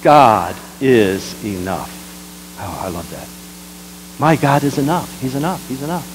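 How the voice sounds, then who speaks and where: A man, a pastor, preaching a sermon, jumping between loud exclamations and quiet asides and leading the congregation in repeating lines. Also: mid-range voice, sing-song, moderate pace, a little hiss or hum, rough recording. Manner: leads the congregation in call-and-response.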